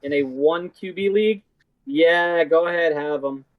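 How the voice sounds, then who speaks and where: A man as a guest on a casual sports podcast, speaking haltingly with frequent pauses and fillers. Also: a little high, dry recording, phone-quality sound. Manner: hesitant, halting, with many fillers and restarts. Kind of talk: casual fantasy football chat.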